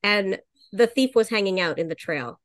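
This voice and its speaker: A woman's voice: medium pitch, expressive, normal speed. A woman hosting a casual podcast as a dog trainer, telling stories in a chatty way with lots of fillers. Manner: chatty storytelling with many fillers and laughs.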